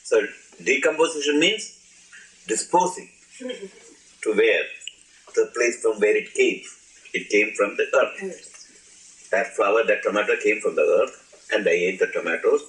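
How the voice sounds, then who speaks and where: A man's voice: fairly low pitch, expressive, unhurried, pauses often, a bit bright. A man giving an informal spiritual talk, playful and laughing, asking his audience questions. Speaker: spiritual teacher. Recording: echoey room, old archive recording.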